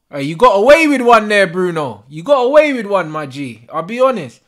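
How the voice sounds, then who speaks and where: A young man giving a live, sweary football watch-along, shouting at players and the referee in street slang. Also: sits high, big pitch swings, normal speed, hardly any pauses. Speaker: football fan streamer.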